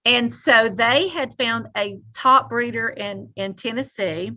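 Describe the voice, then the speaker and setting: A woman co-hosting a podcast, telling a story in animated casual chat and laughing often. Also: a little high, slow. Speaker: podcast co-host.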